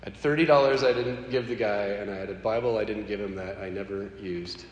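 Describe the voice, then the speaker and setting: A man sharing a personal faith story in an animated, conversational way. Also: fairly low pitch, a little fast. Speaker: speaker sharing a personal testimony. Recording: echoey hall with faint background noise.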